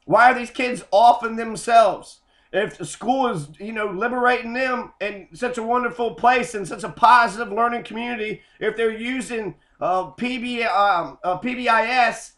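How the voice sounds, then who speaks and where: A man's voice: extremely high pitch, normal speed, a bit bright. A man in an angry, profane rant, cursing and repeating himself. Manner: heated, cursing, repetitive. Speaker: host.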